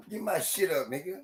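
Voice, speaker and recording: Man, stream host, fairly high voice, mocks chatters, laughs a lot. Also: a bit bright, breathy edge. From Memphis, Tennessee, US. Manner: taunting, mocking, laughs often, repeats lines. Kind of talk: live-stream banter with chat.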